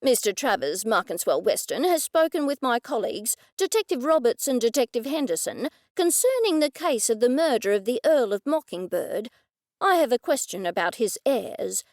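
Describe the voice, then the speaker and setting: A man's voice: very high-pitched, sing-song, moderate pace, no echo, clean studio sound, full character voice. A woman narrating an audiobook, voicing a reluctant, blunt man who grumbles but goes along. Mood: bluffing. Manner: grudging, blunt. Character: reluctant young Australian bloke, grumbling but game.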